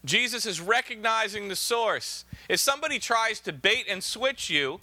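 A man's voice: high voice, lively intonation, moderate pace, sharp tone, no echo. A man preaching a sermon, emphatic, reading scripture aloud in old-fashioned wording.

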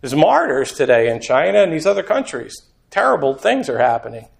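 A man's voice: on the high side, creaky. A male preacher giving a sermon in an earnest, conversational way, sometimes acting out quotes. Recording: echoey room.

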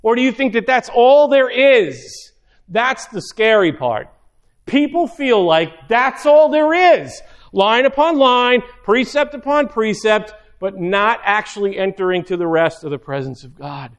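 A man with a notably high voice delivers an earnest sermon. He presses his listeners with rhetorical questions and slows down to stress his key points. For quieter asides he drops lower and softer. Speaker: preacher.

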